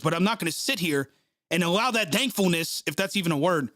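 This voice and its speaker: A man's voice: high voice, lively intonation, fairly quick, pushed and bright, dry recording, studio quality. Angry, cursing sports live-streamer man. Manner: ranting, profane, heated. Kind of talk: angry live play-by-play reaction.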